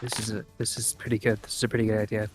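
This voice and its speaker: A man's voice: on the low side, completely flat delivery, very fast, over music. A man playing in a tabletop game, chatting casually and playfully, often joking and laughing as he talks. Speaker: player.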